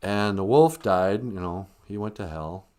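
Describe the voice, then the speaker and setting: A man's voice: on the low side, expressive, unhurried, a little mellow. A man hosting a live stream, retelling a children's story in a wry, sarcastic comedic way.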